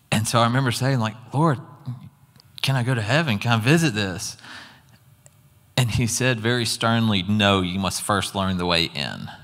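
A man's voice: mid-range voice, a bit bright. A man giving an earnest, conversational sermon testimony with casual asides. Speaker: preacher. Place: church hall. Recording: long hall reverb.

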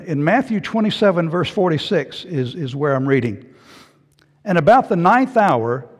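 A man preaches a sermon at an unhurried pace. His voice is fairly high and slightly husky. He swings from quiet, low passages to loud, raised ones, and a long reverb trails each phrase. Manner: dramatic swings from hushed to loud. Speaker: pastor. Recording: hall reverb.

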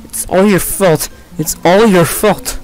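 A man voicing a grieving, unstable widower in a fan game dub, slow and heavy. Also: high-pitched, a little mellow, slight background noise, poor audio. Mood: grim.

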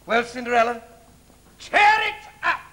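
A man playing a bossy, shrill pantomime ugly sister in drag, shouting and taunting in a live stage comedy. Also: big pitch swings, a little slow, full character voice. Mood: gloating. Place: theatre stage.

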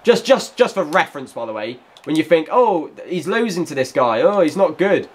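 A young man talks over his own match in an excitable rush, mocking his opponents and breaking into shouts and laughs. His voice sits high and swoops widely from low mutters to sharp yelps. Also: normal speed. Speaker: gaming YouTuber. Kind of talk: live gameplay commentary.

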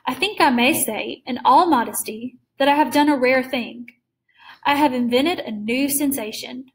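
A woman reading aloud and voicing a suave, menacing aristocratic male hunter who speaks with slow courtly calm. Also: sits high.

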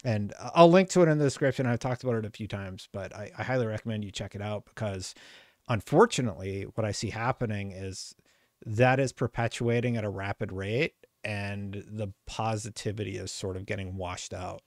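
A man's voice: on the low side, a little fast, darkish tone, no echo, clean studio sound. A middle-aged man hosting a podcast in casual, earnest chat, often trailing into fillers. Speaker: podcast host.

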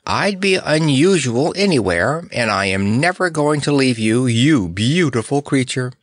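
A man's voice: mid-range voice, big pitch swings, a little slow, a bit bright, dry recording, voice pushed up. A man voicing a cheerful, boastful winged male creature who speaks in a chirpy, doting way.

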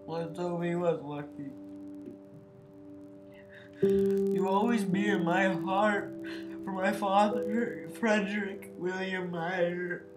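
Man, let's play commentary, very slow halting delivery, crying, echoey room, loud guitar music behind. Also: high voice, steady tone. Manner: slow, halting, tearful reading. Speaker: gaming video creator.

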